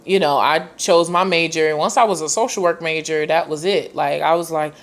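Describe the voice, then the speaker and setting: Telling a personal story on her podcast, a twenty-something host talks a little fast in a casual, slangy style. Her quoted dialogue swings widely in pitch as she acts it out.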